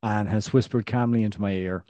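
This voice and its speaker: A man co-hosting a casual football podcast, telling stories with lively restarts and a voice that rises when excited. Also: a little fast, no room sound. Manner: animated storyteller, restarts, rising pitch when excited. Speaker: podcast co-host.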